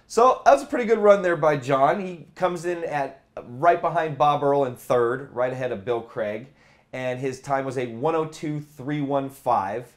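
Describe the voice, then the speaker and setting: A man's voice: mid-range voice, normal speed, soft background music. A man co-hosting a sim racing show, chatting in an easygoing, enthusiastic way with loose fillers. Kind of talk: casual chat.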